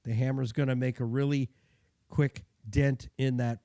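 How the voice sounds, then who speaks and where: A man's voice: medium pitch, flat delivery, moderate pace, warm tone, no room sound. A middle-aged man, a mechanic telling a chatty, self-deprecating story and giving car care tips. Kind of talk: casual storytelling and advice.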